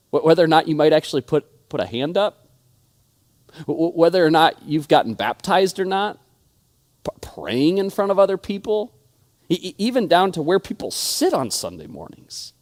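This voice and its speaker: A man's voice: fairly high pitch, big pitch swings, normal speed. A male pastor in his thirties preaching a sermon, telling stories and often stuttering and repeating words. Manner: frequent stutters and word repeats; storytelling, acting out quoted friends.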